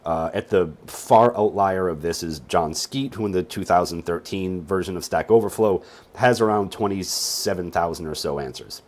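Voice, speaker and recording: A man's voice: low-pitched, moderate pace. A sleepy man teaching a casual screen-share tutorial on databases, rambling along with wry joking asides. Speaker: database instructor.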